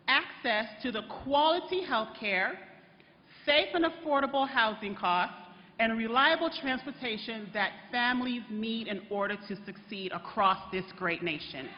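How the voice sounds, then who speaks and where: A woman's voice: a little high, expressive, normal speed, slight background noise. A woman, earnestly reading a prepared introduction at a political rally. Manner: earnest, choking up with emotion. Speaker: rally speaker introducing the candidate. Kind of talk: prepared speech read at a rally. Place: large hall at a political rally. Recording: dull PA sound, reverberant hall, crowd behind.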